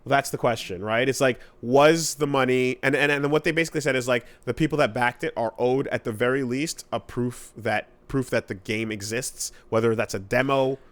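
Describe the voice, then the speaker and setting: A man's voice: fairly even intonation, fairly quick, hardly any pauses. Rambling man hosting a podcast. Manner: rambling, fillers, swears, voice jumps high when exasperated. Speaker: podcast host. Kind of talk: casual chat.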